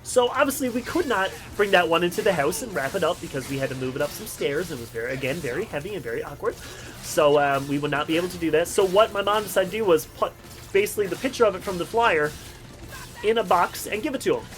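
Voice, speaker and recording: A man's voice: sits high, lively intonation, fast, poor audio. A young man with a slightly raised voice talks over his gameplay. He rambles through family stories in a loose, chatty way and laughs often. Faint game music plays underneath. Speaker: gaming channel host. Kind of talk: game commentary with personal stories.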